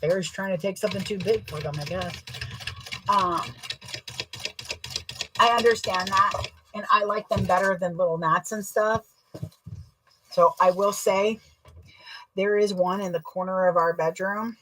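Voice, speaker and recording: A young adult woman chatting casually while sewing, telling rambling, self-deprecating stories with a husky voice. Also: mid-range voice, steady tone, unhurried, pauses often, background noise. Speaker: sewing vlogger.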